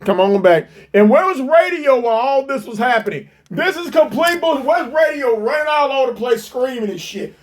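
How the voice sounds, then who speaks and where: A man's voice: very high voice, lively intonation, normal speed, few pauses. A man giving profane reaction commentary, mocking and incredulous and swearing constantly.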